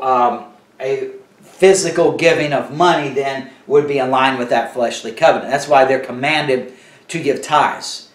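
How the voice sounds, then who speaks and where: A man's voice: medium pitch, echoey room, far from the mic. A man teaching verse by verse in a loose, conversational way, full of fillers and asides. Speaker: Bible teacher. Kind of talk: casual Bible teaching.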